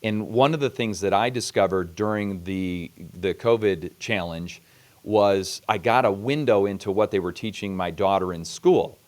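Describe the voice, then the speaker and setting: Male host, interview, low voice, measured and serious. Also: a little mellow. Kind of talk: earnest interview conversation.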